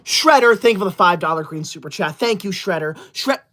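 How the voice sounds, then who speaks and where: Sharp-toned and expressive, a man's voice sits high and moves a little fast. He portrays an indignant boy livestreamer, a touchy, self-righteous teacher's pet whose melodramatic outbursts involve scolding and banning viewers, for a comedic character skit.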